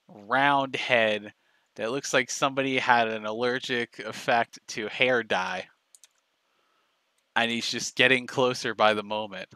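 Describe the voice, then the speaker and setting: A man's voice: mid-range voice, pushed and bright, smooth, no echo. Guy doing sarcastic commentary, mocking and sweary, dry close mic. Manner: sarcastic, mocking storytelling with profanity. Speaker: commentary YouTuber. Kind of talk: casual commentary.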